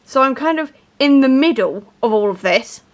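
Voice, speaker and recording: A young woman vlogging at home about a book she is reading, talking in an excitable, rambling way with many fillers, into a camera mic. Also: sits high, moderate pace, slight background noise. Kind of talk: casual reading vlog.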